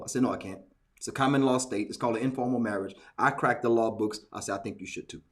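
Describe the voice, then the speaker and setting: A man's voice: medium pitch, fairly quick. A man on a casual group talk show, telling a story with lots of repetition for emphasis. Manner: animated storyteller, repeats phrases for emphasis.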